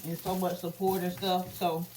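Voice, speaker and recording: A young woman in braces chatting casually to her viewers while she cooks at home, talking straight to them with drawn-out asides. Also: on the low side, little pitch movement, a little mellow. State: wearing new braces, teeth clanging. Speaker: vlogger. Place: home kitchen. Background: food sizzling in a pan.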